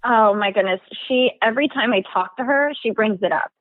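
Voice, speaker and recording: A woman's voice: on the high side, a little fast, no echo. A woman calling in anonymously to a chat show, talking nervously with lots of laughs and filler words. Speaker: anonymous caller. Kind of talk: confessional phone-in chat. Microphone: telephone. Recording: tinny phone line.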